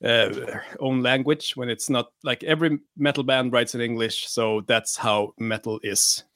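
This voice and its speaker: A man from Sweden with a Swedish accent talks as a guest musician, wry and self-mocking. His voice is mid-pitched and recorded dry. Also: fairly even intonation, moderate pace, a bit bright, no room sound. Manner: wry, self-deprecating, laughs often. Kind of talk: casual interview chat.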